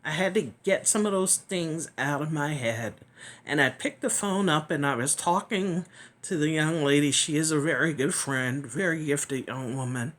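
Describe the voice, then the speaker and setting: A woman giving a heartfelt personal testimony, earnest and reflective, often pausing and sometimes dropping to a whisper. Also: deep voice. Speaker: chronic illness vlogger.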